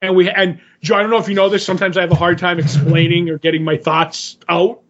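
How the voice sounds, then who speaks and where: A man with a notably high voice tells a meandering story in casual podcast chat, slipping into the lines he and others said. The audio is dull and lo-fi. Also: flat delivery, quick pace, a bit bright. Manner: rambling anecdote teller, acts out his own quotes. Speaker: podcast co-host.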